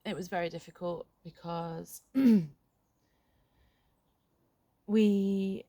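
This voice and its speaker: A middle-aged woman talking frankly in a reflective vlog, halting and swearing casually, recorded outdoors in a garden. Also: fairly low pitch, fairly even intonation, warm tone, dry recording. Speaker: vlogger.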